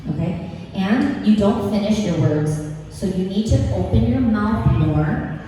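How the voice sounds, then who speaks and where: A woman's voice: medium pitch, animated, a little slow, warm tone, a little hiss or hum. A woman coaching students on public speaking, giving direct feedback and checking "okay?" after each point. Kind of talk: classroom feedback. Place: large room with students. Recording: echoey hall from far off.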